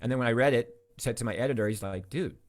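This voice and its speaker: A man's voice: mid-range voice, fast. A man talking as a guest on an interview show, telling stories with enthusiasm and plenty of filler words. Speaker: podcast guest, author. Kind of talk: casual interview chat.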